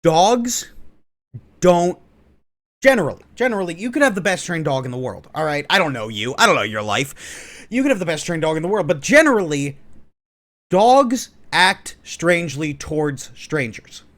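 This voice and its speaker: A man's voice: on the high side, sing-song, moderate pace, a bit bright. A man giving opinionated, sarcastic reaction commentary, ranting with plenty of profanity. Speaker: online commentator.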